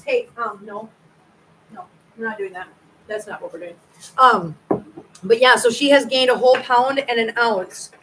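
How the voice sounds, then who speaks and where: A woman's voice: mid-range voice, fairly bright tone, far from the mic, slight background noise, poor audio. A woman hosting a casual livestream from home, chatting with viewers in a rambling way and stumbling over her words. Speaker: cat channel host.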